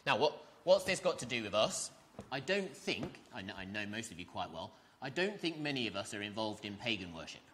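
A man's voice: fairly low pitch, very animated, brisk, fairly bright tone, slight background noise. A man preaching a sermon, talking conversationally and asking his listeners questions. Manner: conversational, asks the congregation questions.

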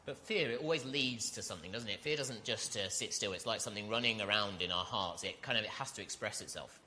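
A man preaching a sermon, earnest and direct, asking his listeners questions and building to loud, emphatic peaks. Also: lowish voice, quick pace, slight background noise. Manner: asks the congregation rhetorical questions.

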